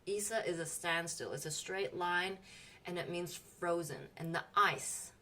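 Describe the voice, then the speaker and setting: A woman's voice: lowish voice, unhurried, bright, forceful tone, far from the mic. A woman in casual spiritual group chat, telling emotional stories animatedly and swearing freely.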